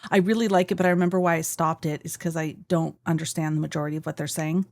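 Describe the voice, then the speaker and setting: A woman's voice: low voice, flat delivery, fast, darkish tone, dry recording, studio quality. A woman co-hosting a podcast, chatting casually and enthusiastically about shows and books she has watched and read. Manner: chatty, enthusiastic, mimics others with silly voices. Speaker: podcast co-host. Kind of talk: casual chat.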